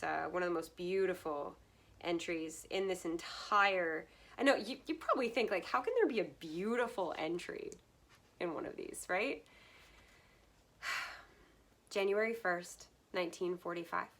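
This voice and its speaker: A woman's voice: fairly low pitch, moderate pace, a bit bright. A woman from the United States giving a casual vlog book review, earnest and heartfelt, laughing often between thoughts.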